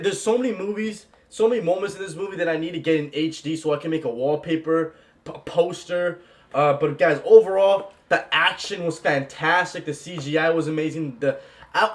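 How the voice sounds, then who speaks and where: A young man gushes about a film he loved, in an excited and casual reaction style. His voice sits a little high, and he keeps throwing in "bro" and "man" as he talks. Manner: gushing, repeats "bro" and "man", bursts into yells. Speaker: movie reaction vlogger.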